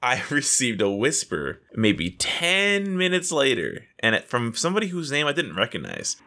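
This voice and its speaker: A man co-hosting a laid-back gaming podcast. His voice is bright and forward. He tells stories animatedly, laughing often and swearing freely. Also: medium pitch, wildly swooping pitch, moderate pace. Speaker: podcast co-host. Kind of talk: casual gaming podcast chat.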